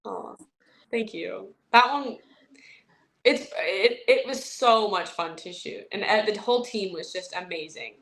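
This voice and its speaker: Chatty young actress telling stories. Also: female voice, medium pitch, unhurried, vocal fry. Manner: chatty, animated storytelling with many fillers. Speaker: actress, interview guest. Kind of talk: casual interview chat.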